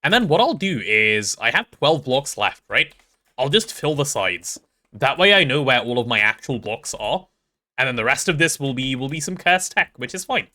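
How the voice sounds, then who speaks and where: A man's voice: mid-range voice, sing-song, normal speed, sharp tone. A man live-streaming a game, chatting casually and rambling as he reads chat and talks through his build.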